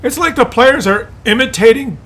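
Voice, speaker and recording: A man's voice: extremely high pitch, moderate pace, fairly bright tone. A man giving exasperated, incredulous commentary over a game replay. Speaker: gameplay commentator.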